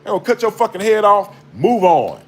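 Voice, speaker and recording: A man giving a blunt, profane, preachy spiritual monologue to a low-held phone camera. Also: very animated, brisk, slightly rough. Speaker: vlogger.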